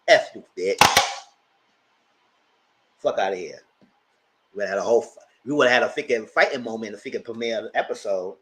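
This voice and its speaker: A man hosting a live TV review, chatting casually in a blunt, slangy, animated way. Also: on the low side, fast, slight background noise, low-quality recording. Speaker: host of a TV review channel.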